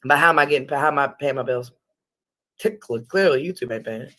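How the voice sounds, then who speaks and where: A woman's voice: a bass voice, fairly quick, sharp tone. A woman hosting a casual livestream, chatting and swearing freely with her viewers. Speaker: livestream host.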